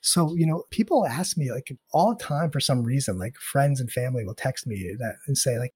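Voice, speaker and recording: A middle-aged man with a husky, slightly raspy voice, talking earnestly as a podcast guest. He circles back over his words for emphasis. The sound is close and dry, with no room around it. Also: medium pitch, lively intonation, a little fast, few pauses, darkish tone, dry recording. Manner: earnest and reflective, repeats phrases for emphasis. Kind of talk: candid interview talk.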